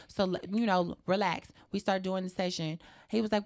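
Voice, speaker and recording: Animated woman telling a story. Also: on the low side, fairly quick. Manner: animated, acts out quoted dialogue, swears freely. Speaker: guest telling a personal story. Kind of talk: casual storytelling.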